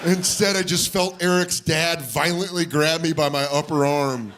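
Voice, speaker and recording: A man's voice: moderate pace, soft background music. A man doing stand-up, telling a story and acting out the people in it with big jumps in his voice. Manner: animated, acts out voices with big jumps in pitch. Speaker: stand-up comedian. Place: comedy club stage. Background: audience laughter.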